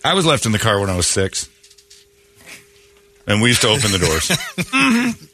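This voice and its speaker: A man hosting a morning radio show, bantering and reacting loudly to viral videos. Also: fairly low pitch, brisk. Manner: loud excited reactions, laughing.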